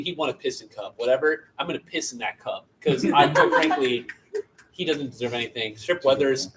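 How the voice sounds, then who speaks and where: A man's voice: medium pitch, fairly bright tone. A man hosting, giving a joking debate rebuttal with exaggerated indignation, recorded on a distant mic. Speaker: host. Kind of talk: mock-serious debate speech. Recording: distant mic with faint background noise.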